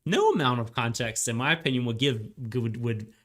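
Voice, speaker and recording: A man's voice: mid-range voice, lively intonation, a little fast, a bit bright. A man co-hosting a casual podcast discussion, hesitant, filling his talk with "like" and restarts. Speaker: podcast co-host.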